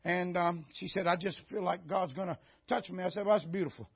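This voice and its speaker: A man preaching a sermon, storytelling and swinging into loud shouted peaks. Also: sits high, a little fast, vocal fry, husky. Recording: dull lo-fi sermon audio.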